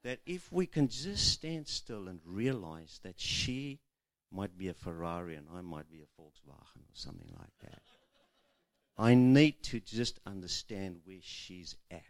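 A man giving a relaxed teaching talk on marriage, telling stories and drawing on a whiteboard. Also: deep voice, unhurried, no room sound. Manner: chatty, storytelling, acts out quoted voices. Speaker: marriage seminar speaker. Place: room with a whiteboard.

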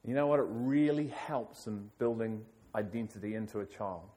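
A man's voice: on the low side, moderate pace, mellow. Emphatic male pastor preaching. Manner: emphatic, repeats key phrases. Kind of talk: sermon.

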